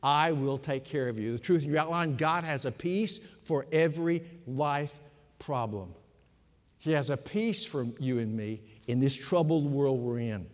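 A man preaching a sermon slowly and with emphasis, pausing often between phrases. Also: mid-range voice. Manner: slow, emphatic preaching with pauses. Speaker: pastor. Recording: long hall reverb.

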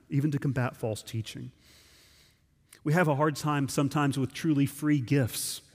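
Man, pastor, mid-pitched, conversational and emphatic sermon delivery, reverberant church hall. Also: darkish tone, breathy edge. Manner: conversational, emphatic preaching with frequent restarts. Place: church sanctuary.

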